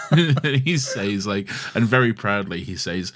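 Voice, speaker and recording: A man's voice: fairly low pitch, expressive, slow pace, fairly bright tone. A man co-hosting a podcast in casual chat, laughing often and swearing freely. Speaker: podcast co-host.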